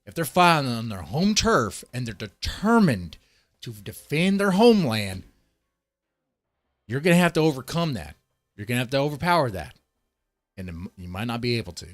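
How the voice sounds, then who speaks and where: A man's voice: mid-range voice, big pitch swings, moderate pace, long pauses, no room sound. A man streaming live, rambling through casual, profane commentary and talking straight to his chat. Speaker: streamer reacting to a video.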